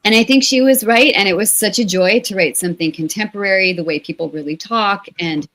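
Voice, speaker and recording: A middle-aged woman author talking in a lively, chatty way during an interview. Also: mid-range voice, a little fast. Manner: lively, talkative, self-deprecating. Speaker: author guest and co-founder. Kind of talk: conversational interview.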